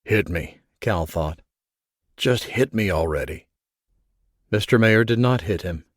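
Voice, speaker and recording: A man's voice: lowish voice, lively intonation, a little slow, no room sound, clean studio sound. A man narrating a thriller audiobook, voicing the characters' lines as he reads. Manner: reads the story, giving characters voices. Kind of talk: scripted narration.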